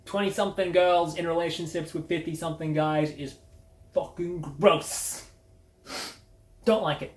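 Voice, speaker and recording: A woman's voice: fairly low pitch, steady tone, unhurried, long pauses. A woman hosting a casual media review, blunt, sardonic and full of swearing. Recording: roomy echo.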